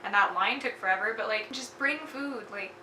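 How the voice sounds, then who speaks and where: A woman's voice: on the high side, moderate pace, pushed and bright, echoey room, far from the mic, slight background noise, low-quality recording. A young woman with a Texan accent telling a gushing, casual story about her day, full of "like" and little laughs. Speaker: book vlogger.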